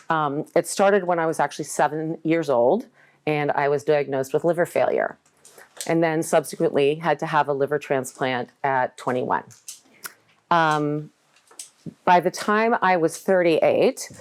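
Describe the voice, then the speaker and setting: A woman in her forties shares her personal story at a live event, candid and wry. Her voice sits low and full. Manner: candid, humorous, acts out quoted voices. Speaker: guest speaker.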